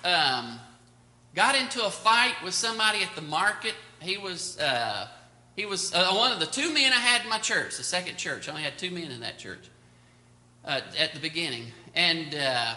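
A man's voice: sits high, pushed and bright. An older man, a pastor, teaching a Sunday school Bible lesson in a rambling, storytelling way full of fillers. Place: church classroom. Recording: echoey room.

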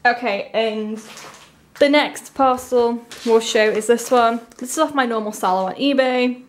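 Young woman vlogger from England, fairly high, unhurried, gushing unboxing chat. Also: background noise. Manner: gushing, repeatedly excited, lots of "oh my god".

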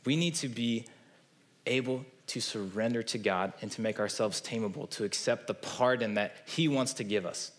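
Man, Midwestern American accent, pastor preaching, earnest conversational sermon, middle pitch, church. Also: normal speed. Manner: earnest, conversational preaching with frequent "right?" asides. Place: church sanctuary.

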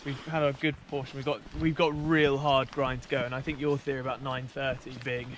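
A man's voice: medium pitch, level tone, a little fast, slight background noise. A young man walking with friends through the night, chatting frankly and gloomily about how hard the walk is. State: tired from walking. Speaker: walking companion. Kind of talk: casual chat. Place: outdoors on a coastal route.

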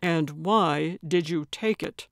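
A woman's voice: low-pitched, slow pace, vocal fry, no room sound, studio quality, exaggerated voice. A woman narrator voicing a stern, weary male sheriff's deputy who speaks curtly and firmly. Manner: curt and firm.

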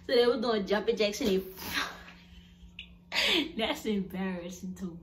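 A young woman vlogger chatting casually to her viewers, animated and blunt, laughing often as she tells stories. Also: mid-range voice, slow, pauses often, slight background noise.

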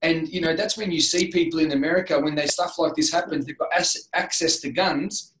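An Australian man in midlife talks through his past in an earnest, rambling way, restarting sentences and leaning on "you know". His voice sits a little high for a man. The recording has a roomy echo. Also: fairly even intonation, fairly quick, fairly bright tone. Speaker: interview guest. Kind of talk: candid personal storytelling.

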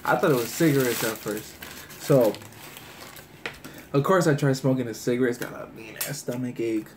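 A man's voice: mid-range voice, moderate pace. Man, casual profane storytelling, street slang, faint background noise. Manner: loose, profane street slang, acts out quoted friends. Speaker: storyteller in a mukbang video.

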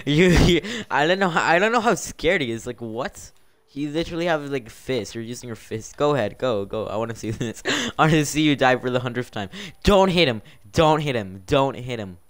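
A man's voice: mid-range voice, lively intonation, moderate pace. Male streamer refereeing a game server: exasperated, scolds players, breaks into laughs, mid-range voice. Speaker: livestreamer running a Minecraft server. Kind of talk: casual live-stream commentary.

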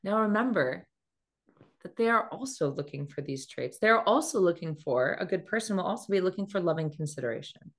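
Woman, dating coach, motivational talk, expressive storyteller who acts out quotes. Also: lowish voice, fairly quick.

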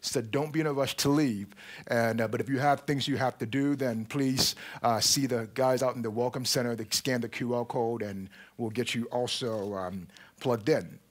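A man, a pastor, welcoming the congregation and giving announcements, talking with many pauses and fillers. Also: medium pitch, steady tone. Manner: warm, halting delivery with many fillers. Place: church auditorium.

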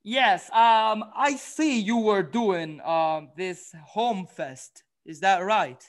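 A man playing a vain, gallant young gentleman. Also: high-pitched, slow. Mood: mock-gallant. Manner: pompous, self-admiring. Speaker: show host. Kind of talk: comic skit hosting.

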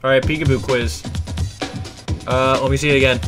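A man's voice: medium pitch, level tone, a little fast. A man streaming a video game, reacting casually with lots of swearing in a sleepy, mumbling way. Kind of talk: casual gameplay commentary. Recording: game music playing behind.

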